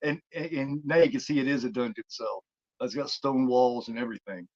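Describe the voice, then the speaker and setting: A podcast co-host casually retells a film's plot, rambling, stopping and restarting often, and filling gaps with fillers. His mid-range, slightly mellow voice moves fairly quickly and comes through a muffled, lo-fi recording that sounds dry and close.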